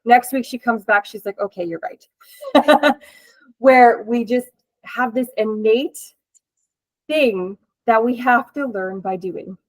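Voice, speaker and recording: A woman's voice: on the high side, slow pace, dry recording, rough recording. A woman hosting an interview and chatting casually as a coach, with a chatty, laughing manner and many fillers. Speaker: host and coach.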